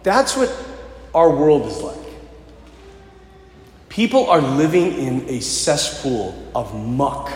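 Animated man preaching in an echoey hall. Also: medium pitch, slow pace, long pauses. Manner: animated storytelling, laughs and yells in the telling. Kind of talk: sermon. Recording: echoey church hall, faint ambience.

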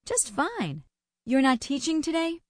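Friendly interviewer, highish lively voice, clear questions, dry sound. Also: female voice, a little slow, no room sound. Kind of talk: scripted language-lesson dialogue.

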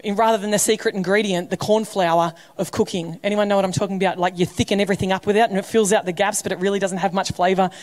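A woman's voice: medium pitch, steady tone, fast, hardly any pauses, a little mellow. A woman pastor giving a sermon in a conversational, humorous way. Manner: conversational, humorous preaching with acted quotes. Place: church.

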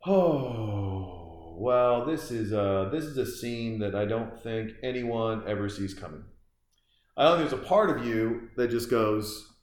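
A man's voice: on the low side, lively intonation, measured pace, roomy sound. A man hosting a podcast in casual chat, rambling loosely with lots of fillers and restarts. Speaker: podcast host. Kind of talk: casual chat, reacting to a film while drinking beer.

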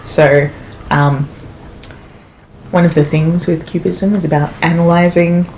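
A woman's voice: lowish voice, steady tone, unhurried, a little mellow, a little hiss or hum. A woman playing a tabletop game, thinking aloud and hesitating as she speaks. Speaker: player. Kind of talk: casual tabletop play.

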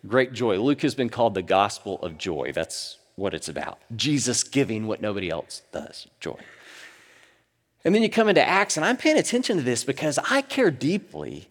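Male preacher, animated sermon, loud to hushed, roomy hall reverb. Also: mid-range voice, moderate pace. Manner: dynamic, swinging from loud bursts to hushed near-whispers. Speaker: pastor.

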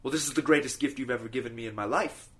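A man's voice: medium pitch, rapid-fire, lightly acted. A man voicing a stubborn dead man who insists, heartfelt, on keeping his handful of earth. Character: stubborn man clinging to his homeland dirt.

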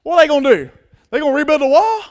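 Man putting on a mocking ancient foe, loud taunts, raised pitch, scornful. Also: very animated, very fast. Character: ancient male enemy jeering at builders, scornful.

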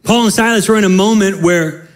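A male pastor preaching a sermon in an animated, emphatic way, often repeating phrases. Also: high-pitched, brisk.

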